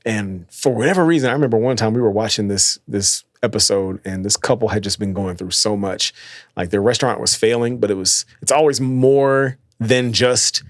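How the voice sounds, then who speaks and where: A man's voice: lowish voice, moderate pace, dry recording, clean studio sound. A man hosting a casual motivational podcast, talking loosely with lots of fillers and slang. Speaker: podcast host.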